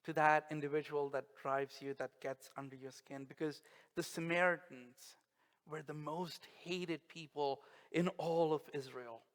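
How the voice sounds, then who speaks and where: Slow, emphatic preaching man in a reverberant church. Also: fairly high pitch, fairly even intonation. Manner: slow, emphatic preaching with dramatic pauses and sudden soft drops. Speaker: pastor. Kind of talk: sermon. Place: church sanctuary. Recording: long reverb of a church hall.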